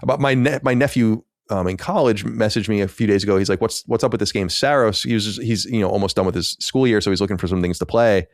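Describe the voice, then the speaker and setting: With a lowish voice, a man co-hosting a podcast talks fast with hardly any pauses. He rambles through casual chat, restarting and using fillers a lot, in a studio-quality recording with no room sound.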